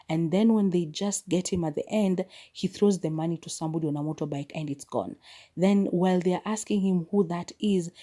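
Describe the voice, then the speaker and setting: A woman podcast host retelling a film's plot in a chatty, casual way, with quick asides and restarts. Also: lowish voice, dark tone. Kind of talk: casual movie recap.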